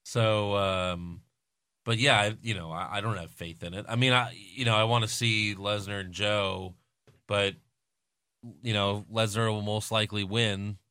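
Bright-voiced man in casual chat. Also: on the low side, fairly even intonation, smooth, no echo, clean studio sound. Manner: opinionated, talks in quick bursts with many fillers. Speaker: podcast co-host.

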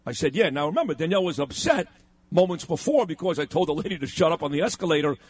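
A man's voice: fairly high pitch, animated, fast, husky, no room sound. A man co-hosting talk radio, telling a story with indignant emphasis and acting out the exchanges. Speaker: radio talk show co-host.

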